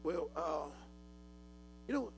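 Man, older, Southern US accent, preacher, folksy storytelling sermon, fervent, gravelly, long hall echo. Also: a little high, expressive, slow, background noise.

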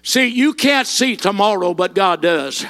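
A man preaching a sermon, telling folksy personal stories and rising into shouted emphasis on key lines. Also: high voice, lively intonation, measured pace.

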